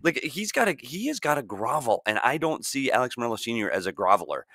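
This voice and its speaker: A man's voice: mid-range voice, fast talker, dry recording, clean studio sound. A man co-hosting a heated sports talk show, exasperated and mocking. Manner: animated, exasperated, mocking quotes.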